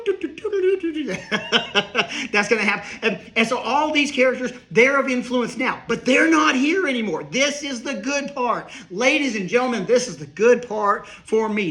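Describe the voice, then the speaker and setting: High, bright-voiced man riffing comedically. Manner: rambling, riffing, quick asides. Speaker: comedian and speaker. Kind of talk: comedic monologue.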